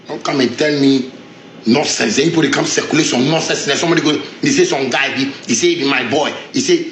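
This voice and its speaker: A man's voice: mid-range voice, fast, fairly bright tone, roomy sound, slight background noise. A man with a Ghanaian Pidgin English accent in a heated, defiant rant, repeating himself as he challenges someone. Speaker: street figure in a viral video. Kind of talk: confrontational rant.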